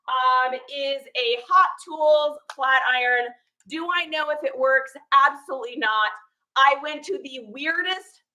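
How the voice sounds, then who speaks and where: Showing her garage sale haul, a female reseller chats casually through a story, laughing and acting out the folks she ran into. She has a high-pitched voice, and the audio quality is poor.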